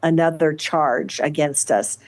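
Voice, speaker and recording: Older woman, lowish voice, halting speech, interview guest, many restarts. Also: darkish tone. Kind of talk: conversational interview.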